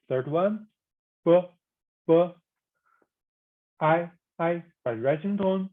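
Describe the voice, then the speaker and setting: A language instructor giving a recorded pronunciation lesson, sounding out each syllable slowly and repeating it, with reassuring asides to learners. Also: mid-range voice, lively intonation. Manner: slow, deliberate, spells out each syllable and repeats it; reassuring, informal teacher asides. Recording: tinny phone-like audio.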